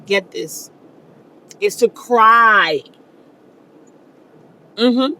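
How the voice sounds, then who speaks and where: A woman's voice: on the high side, drawn-out words, bright, forceful tone, poor audio. A woman dating coach giving casual advice to camera in a coaxing, repetitive way, often checking in with her listeners. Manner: coaxing and repetitive, keeps checking in with "okay?" and "my beautiful ladies".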